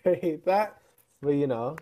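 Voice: mid-range voice, slow pace, highs cut off, a little hiss or hum. A young adult co-hosting a podcast in casual chat, telling stories with lots of "like" and acting out the people in them. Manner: animated storyteller, acts out quoted people. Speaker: podcast co-host.

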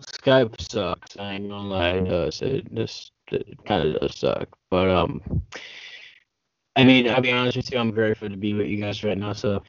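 A man's voice: fairly low pitch, normal speed, no echo, dull audio. A man chatting as a podcast guest over an internet call, rambling and packed with fillers. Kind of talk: casual chat over a call.

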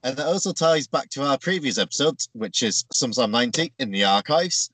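A man's voice: medium pitch, lively intonation, a little fast, fairly bright tone, no room sound. A man co-hosting a podcast, casually recapping events step by step with frequent filler words. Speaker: podcast co-host. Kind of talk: casual chat recapping a wrestling show.

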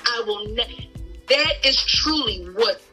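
A woman's voice: fairly high pitch, lively intonation, slow, pushed and bright, faint music behind, poor audio. A woman in her thirties, a guest talking with passion and a playful streak. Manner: playful and passionate, laughs often. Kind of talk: podcast interview.

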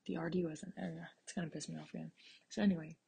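A young woman and author hosting her own podcast, talking casually from a dark office at work, blunt and profane, often dropping to a half-whisper. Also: deep voice, flat delivery, fast, creaky, breathy edge. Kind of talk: casual rambling monologue.

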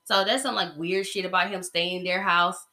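Woman, Southern US accent, podcast host, blunt casual gossip, bright tone, roomy echo. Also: lowish voice, steady tone, normal speed. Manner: blunt, chatty, with slang and fillers.

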